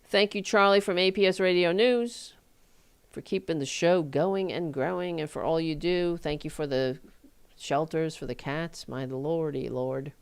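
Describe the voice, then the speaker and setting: A woman talk show host in a heated, profane political rant. She talks slowly and her voice is smooth and clear. Her pitch leaps high whenever she mocks someone. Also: steady tone. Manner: heated, profane, sarcastic, voice jumping high in mockery. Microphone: desk microphone.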